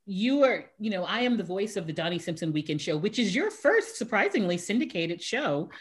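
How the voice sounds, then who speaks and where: A woman's voice: medium pitch, a little fast, slightly rough. A middle-aged woman, a voiceover artist, chatting as a guest and telling a story with lots of fillers and acted-out reactions. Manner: animated storyteller, acts out her own reactions, laughs often. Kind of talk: casual interview chat.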